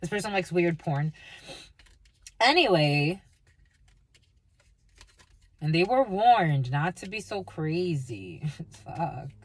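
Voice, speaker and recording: A woman's voice: on the low side, sing-song, slow, long pauses, dry recording. A woman giving a spiritual energy reading in a blunt, foul-mouthed way, laughing now and then. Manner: blunt, swears constantly, laughs at her own reading. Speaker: spiritual reader. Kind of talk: profane channeled energy reading.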